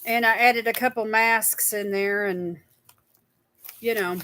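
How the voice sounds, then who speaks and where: Chatty woman, bright voice. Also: fairly high pitch, fairly even intonation, slow pace, dry recording. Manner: chatty, greets viewers by name. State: tired. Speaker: skincare livestream host. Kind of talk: casual livestream chat.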